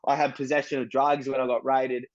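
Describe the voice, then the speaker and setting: A man's voice: medium pitch, fairly quick. Profane young Australian man, muffled sound. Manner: blunt and profane, street slang, animated retelling. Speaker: interviewee. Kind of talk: casual storytelling.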